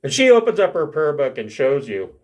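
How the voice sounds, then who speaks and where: A man's voice: a little high, big pitch swings, brisk. A man narrating as game master of a tabletop game, restarting often and laughing along.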